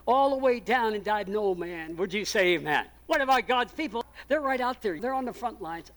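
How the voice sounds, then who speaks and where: A male pastor preaching a sermon, calling out questions to the congregation and swinging between loud and soft. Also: sits high, moderate pace, hardly any pauses, poor audio. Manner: preachy, rises and drops in volume, asks the congregation questions.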